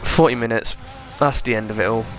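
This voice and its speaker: A man's voice: mid-range voice, a little fast, soft background music. A young man giving casual, chatty commentary over a racing game replay, thinking aloud and correcting himself. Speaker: gaming video creator.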